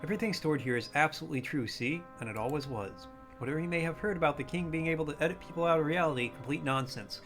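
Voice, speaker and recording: A man voicing a sweet-voiced, evasive woman librarian in a video game, talking softly and primly. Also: fairly high pitch, quick pace, hardly any pauses, soft background music, voice pushed up. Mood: coy. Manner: soft, prim, sugary and guarded.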